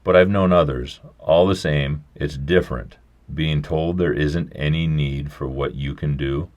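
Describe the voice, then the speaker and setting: A man voicing a stubborn, folksy old country doctor who talks briskly and gruffly in a storybook reading. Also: extremely low pitch, fairly even intonation, darkish tone, highs cut off.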